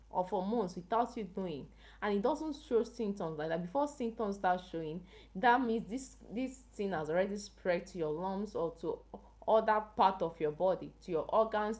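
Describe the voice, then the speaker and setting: A woman's voice: medium pitch, a little mellow. A woman from Africa hosting a casual health livestream, chatting with viewers and asking them questions. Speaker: health channel livestream host.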